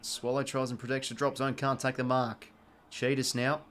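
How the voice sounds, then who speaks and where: Brief: young Aussie bloke, live stream footy host, casual and excitable, mid-range voice. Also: male voice, mid-range voice, moderate pace, a little hiss or hum. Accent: Australian. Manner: casual, excitable, swears, talks to chat viewers. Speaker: livestream host calling a football match. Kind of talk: live watch-along commentary and chat.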